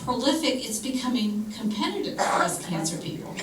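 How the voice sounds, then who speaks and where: A woman performing a stand-up comedy set, telling a personal story in a blunt, conversational way with dark humor and the occasional swear word. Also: on the high side, very animated, brisk. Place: comedy club stage. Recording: roomy club sound from far off with audience noise.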